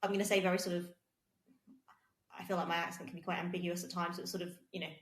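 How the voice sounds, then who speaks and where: A woman chatting on a podcast in a lively way, prompting her partner and telling anecdotes. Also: on the low side, fast. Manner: lively, prompting, laughs often. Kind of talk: casual podcast conversation. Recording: roomy echo.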